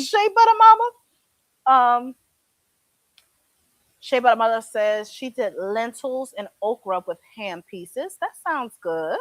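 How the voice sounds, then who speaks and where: A woman with a high, very lively voice talks in a casual live chat and laughs often. The sound is dry and close. She is chatting from a couch at home. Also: slow, long pauses, dry recording. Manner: animated storyteller, laughs often, chews while talking. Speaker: co-host.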